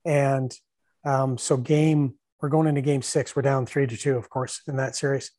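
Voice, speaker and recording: A middle-aged man and former hockey coach telling stories in casual chat, animated, laughing often and acting out what people said. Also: mid-range voice, normal speed, no room sound. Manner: animated storyteller, laughs often, acts out shouted bench calls.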